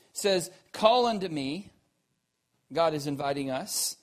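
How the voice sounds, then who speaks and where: Man with a high voice preaching; earnest, questioning, swings from emphatic to quiet. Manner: rising to emphatic peaks, then dropping low and quiet; earnest, asks the listeners questions. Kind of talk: sermon.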